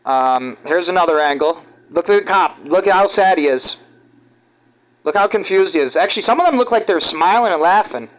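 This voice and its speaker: High-voiced ny guy rambling about clips, stops and restarts a lot. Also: animated, a bit bright, low-quality recording. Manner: halting, restarts often, conspiratorial. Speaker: vlogger. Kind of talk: rambling commentary over clips.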